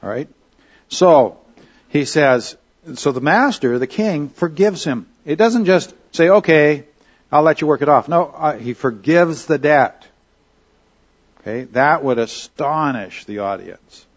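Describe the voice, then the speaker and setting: A man's voice: mid-range voice, lo-fi sound. A man teaching a Bible study lesson in a conversational way. He often checks in with his listeners with "okay?" and "all right?".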